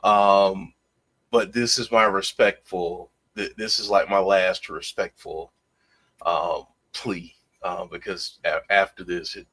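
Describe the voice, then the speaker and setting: A man's voice: low voice, fairly even intonation, slow, a bit bright. A man co-hosting a wrestling podcast in casual chat, easygoing and polite, hedging with fillers. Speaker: podcast co-host.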